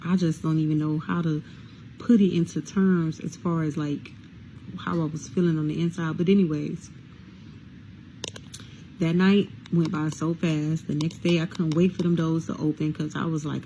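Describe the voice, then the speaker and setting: Gravelly-voiced woman telling a candid story. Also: low voice, fairly even intonation, moderate pace, warm tone, slight background noise, rough recording. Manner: candid, addresses listeners as y'all, swears freely. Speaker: storyteller recounting prison time. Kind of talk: casual storytime monologue.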